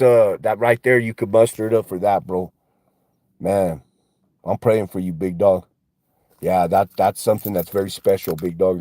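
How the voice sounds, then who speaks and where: A man's voice: fairly low pitch, warm tone, no room sound, studio quality. A man ranting casually on a livestream, slangy and profane, repeating himself and calling everyone bro and homie. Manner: heated, repeats himself for emphasis. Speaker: livestreamer and fighter.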